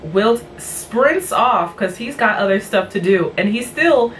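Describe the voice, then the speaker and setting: A woman's voice: mid-range voice, animated, a little slow, recorded from a distance, slight background noise, poor audio. A tired woman hosting a vlog, recapping a cartoon episode in a blunt, exasperated, rambling chat.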